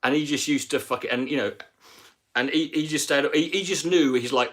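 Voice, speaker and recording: A man's voice: mid-range voice, a little fast, a bit bright. A man, a comedian, ranting casually on a live stream with rambling, profane talk and many restarts.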